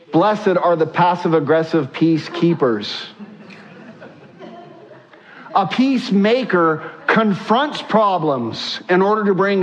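High-pitched pastor preaching with emphasis. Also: male voice, highs cut off. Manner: emphatic, repeats points, frequent "uh" fillers. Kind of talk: sermon.

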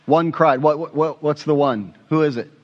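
A pastor delivers a sermon in a slightly high, expressive male voice. He quizzes the congregation and moves between emphatic points and quiet, reverent asides. The recording sounds dull and muffled. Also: normal speed. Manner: asks the congregation questions.

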